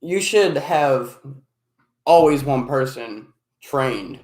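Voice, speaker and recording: A man's voice: mid-range voice, lively intonation, very slow, a little mellow. A man in casual podcast chat who talks hesitantly, with lots of fillers. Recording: echoey room.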